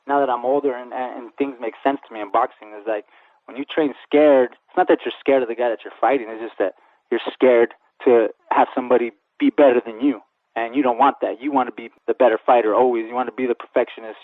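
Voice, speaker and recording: Fast-talking boxer on a tinny line. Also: male voice, mid-range voice. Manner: quick, earnest, repeats words when starting. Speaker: professional boxer. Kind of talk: casual interview answers. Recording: tinny phone-like radio sound, dry.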